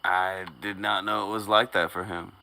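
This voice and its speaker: A man's voice: low-pitched, level tone, normal speed, sharp tone, rough recording. A man co-hosting a podcast, teasing the others and running a joke into the ground in casual banter. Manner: teasing, repeats jokes. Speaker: co-host.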